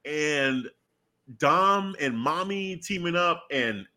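A man co-hosting a live talk stream in loose, animated casual chat, laughing often. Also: a little high, takes it slowly. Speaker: co-host of a wrestling talk stream.

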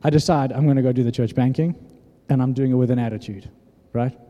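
A man in his thirties preaching a sermon, telling a story and acting out the dialogue with lively energy. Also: medium pitch, fast, highs cut off. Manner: animated storytelling, acts out dialogue. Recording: echoey hall reverb.

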